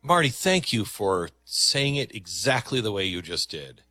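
A man's voice: lowish voice, sing-song, a little slow, sharp tone, dry recording, faint music behind. A man hosting a call-in radio show, speaking in a thoughtful, reflective way. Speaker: radio host. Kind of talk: talk radio.

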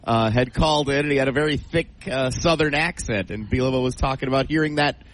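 A man's voice: mid-range voice, fast talker, a little hiss or hum, poor audio. A man co-hosting a sports radio show, chatting and filling in backstory.

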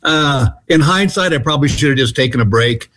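A middle-aged man from Texas, telling stories as a comedy guest in a relaxed, self-deprecating way. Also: a little high, brisk. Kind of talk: casual storytelling.

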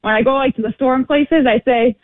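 A woman calling into a radio show, telling a story about a park with animated energy. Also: high voice, fast, dry recording. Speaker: caller. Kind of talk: phone-in story. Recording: tinny phone line.

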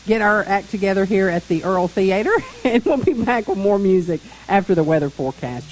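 A woman's voice: mid-range voice, lively intonation, a little fast, hardly any pauses, a little mellow, slight background noise, low-quality recording. A woman hosting a live country radio show, chatty and easygoing with her guests. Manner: chatty, easygoing, self-deprecating. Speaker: radio host.

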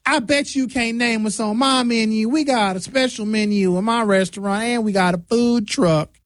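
A man voicing a boastful male restaurant owner in a higher, proud voice. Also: fairly even intonation, normal speed, no echo, clean studio sound, close to an everyday voice.

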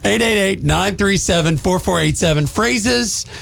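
A man hosting a radio show with a slightly high, gravelly voice that has a husky edge. His delivery is lively and full of swings in pitch as he teases his co-hosts and plays up the jokes. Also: a little slow. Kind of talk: casual on-air banter.

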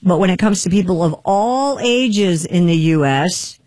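A man hosting a casual talk show, reading items aloud in a lively, chatty way. His pitch swings widely as he talks, and the sound is dry and close with no room echo. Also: unhurried. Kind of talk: casual radio chat.

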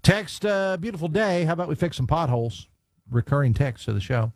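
A man's voice: on the high side, expressive, brisk, a little mellow, no echo. Chatty radio talk show host man. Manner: conversational, reads listener texts, many fillers. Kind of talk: casual call-in talk radio chat. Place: radio studio. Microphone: studio broadcast mic.

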